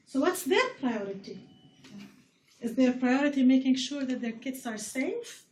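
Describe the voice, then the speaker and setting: A woman's voice: high voice, very animated, a little slow. Woman lecturing in an echoey hall. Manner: earnest, repeats words while explaining. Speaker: university public health lecturer. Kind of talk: classroom lecture. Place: classroom. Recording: roomy lecture hall from far off with faint noise.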